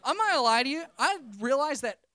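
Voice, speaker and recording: A man's voice: extremely high pitch, lively intonation, quick pace, sharp tone. A man preaching a personal testimony, telling a story in a casual, conversational way and often breaking off and restarting his sentences. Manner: conversational storytelling, self-interrupting.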